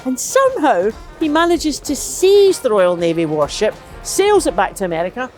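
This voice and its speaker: A woman's voice: sits high, very animated, moderate pace, faint music behind. A middle-aged woman telling history as comedy, with wry, playful asides in a mock-serious tone. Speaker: comic history guide. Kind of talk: comic historical storytelling.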